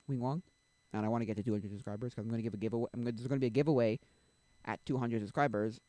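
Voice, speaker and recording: A man's voice: medium pitch, fairly even intonation, rapid-fire, warm tone, dry recording. A young man streaming, chatting casually and rambling, often losing his train of thought. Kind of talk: casual chat.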